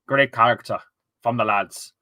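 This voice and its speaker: A man's voice: mid-range voice, steady tone, normal speed, pushed and bright, dry recording, pitched below the performer's own voice, lightly acted. A man imitating a male football manager giving an earnest, repetitive pep talk to his players. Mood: rousing.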